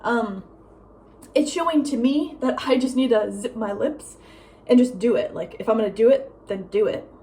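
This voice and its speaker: A young woman vlogging at home in a casual, rambling chat, full of "like" and "um" and quick laughs. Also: fairly high pitch. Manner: rambling, lots of "like" and "um", laughs often; breezy, drifts between loud and soft. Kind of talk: casual chatty vlog monologue.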